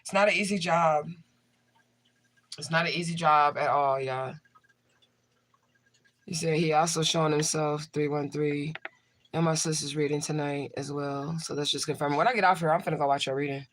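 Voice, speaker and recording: A man's voice: a little high, fairly even intonation, normal speed, pauses often, fairly bright tone, slight background noise. A man, a tarot reader, chatting casually and profanely to his livestream viewers.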